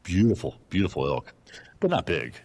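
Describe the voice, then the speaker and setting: Deep, husky man telling stories. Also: normal speed. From Arizona. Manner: animated anecdotes, acts out other people's lines, frequent restarts. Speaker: guest, bowhunter. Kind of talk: casual storytelling.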